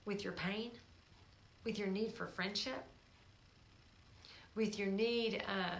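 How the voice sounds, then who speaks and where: A woman's voice: medium pitch, fairly even intonation, slow pace, creaky, slight background noise. Coaxing woman preacher in a roomy space. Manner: coaxing, emphatic, swings from hushed to forceful. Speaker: show host. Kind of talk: spiritual exhortation. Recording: roomy echo.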